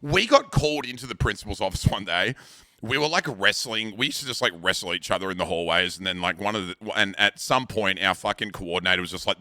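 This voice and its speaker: Bright-voiced Australian bloke telling a story. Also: male voice, sits low, quick pace. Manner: rambling, sweary, laughing anecdote with slang like bro and dude. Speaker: streamer. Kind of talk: casual storytelling.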